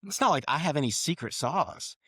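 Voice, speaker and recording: A man who is a guest in an interview, telling stories in an animated way and often restarting his sentences. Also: a little high, fairly quick, slightly rough, no room sound, studio quality. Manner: animated, with frequent restarts and repeated words. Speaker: guest, human performance coach. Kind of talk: storytelling in a conversational interview.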